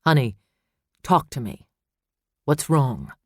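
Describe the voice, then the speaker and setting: A man voicing a calm, caring man who gently murmurs to soothe a distraught friend, in an audiobook. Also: medium pitch, slow pace, no echo, studio quality.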